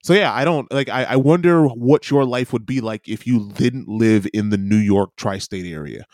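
A man's voice: mid-range voice, moderate pace, darkish tone, no room sound. A man chats casually on a podcast, teasing his co-host and laughing often. His voice sounds dry and close, with no room around it. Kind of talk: casual chat. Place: lives in Wellington.

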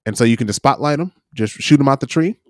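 A man co-hosting a casual talk show, telling stories in a lively way, acting out the voices he quotes and checking in with "right?". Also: mid-range voice, fast talker, dry recording, clean studio sound. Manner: animated storyteller, acts out quoted voices, many "right?" tags. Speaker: podcast co-host. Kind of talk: casual chat, storytelling. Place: lives in New Zealand.

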